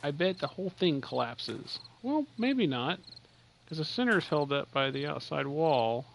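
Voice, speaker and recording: A man's voice: on the high side, big pitch swings, unhurried, creaky, slight background noise. A man streaming a video game, chatting casually and rambling in a self-deprecating way to his viewers. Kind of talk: casual gameplay commentary.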